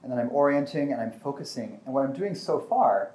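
A man's voice: mid-range voice, lively intonation, fairly quick, a little mellow. A man giving a casual teaching talk, thinking aloud with frequent restarts and acting out short examples.

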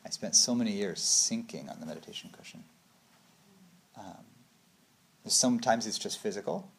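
A man's voice: moderate pace, gravelly. A man in his thirties giving a casual meditation talk, acting out little quotes with big swings of voice. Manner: animated storytelling, acts out quotes with big pitch swings. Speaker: meditation teacher.

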